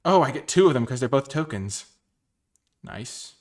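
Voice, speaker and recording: A man commentating his own card game matches casually, excitable and full of exclamations. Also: medium pitch, normal speed.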